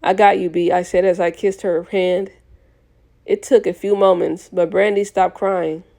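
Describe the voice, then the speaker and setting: A woman's voice: on the low side, little pitch movement, measured pace, gravelly, mellow. A young woman reading a novel aloud in a casual way, often correcting herself and restarting lines. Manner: reads with frequent self-corrections and restarts. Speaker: audiobook reader.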